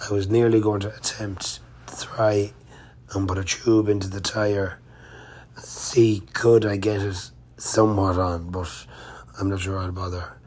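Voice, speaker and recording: A touring cyclist vlogger with a fairly low-pitched, darkish voice tells a rambling, chatty story of his day on the road. His casual travel-diary narration is full of fillers and restarts.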